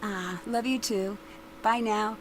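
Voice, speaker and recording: A woman's voice: mid-range voice, fairly even intonation, slow pace, very noisy, close to an everyday voice. An actress playing a composed young woman detective in a mystery game. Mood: tender. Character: young woman detective, calm and self-assured. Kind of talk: voiced game dialogue.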